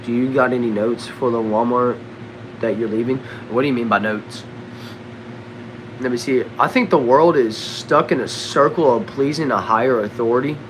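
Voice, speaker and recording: A young man with a Southern accent from Texas, casually answering chat questions on a livestream in a relaxed, drawling way. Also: medium pitch, moderate pace, noisy background. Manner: laid-back, drawling, says bro and dude a lot. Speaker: livestream host reading chat. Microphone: desk microphone.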